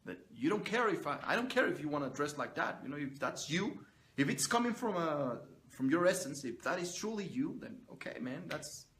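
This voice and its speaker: A man's voice: fairly high pitch, big pitch swings, moderate pace, a bit bright. A man giving a blunt, profane motivational monologue to his own camera, swearing freely and pushing his viewers to stand on their own. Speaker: motivational vlogger. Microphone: phone or camera he is recording himself on.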